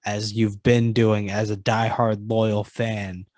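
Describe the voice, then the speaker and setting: A man's voice: on the low side, little pitch movement, takes it slowly, a little mellow, dry recording. A man co-hosting a casual movie podcast, teasing his partner with mock-hype banter. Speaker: podcast co-host. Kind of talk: casual chat.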